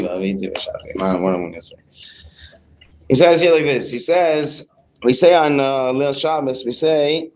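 A man's voice: medium pitch, low-quality recording. A man teaching a Torah class to students. He reads Hebrew lines, translates them into casual English with some slang, and banters with the class.

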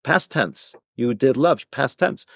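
A man teaching an informal Torah class, explaining slowly with frequent restarts and repeated words. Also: medium pitch, expressive, vocal fry, fairly bright tone, breathy edge, no echo, clean studio sound. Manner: hesitant, many restarts, explanatory.

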